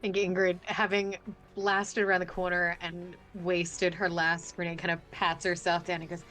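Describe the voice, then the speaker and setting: A woman's voice: fairly low pitch, level tone, normal speed, bright, forceful tone, soft background music. A woman playing a character in a live tabletop role-playing game, thinking aloud and taking her time. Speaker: player.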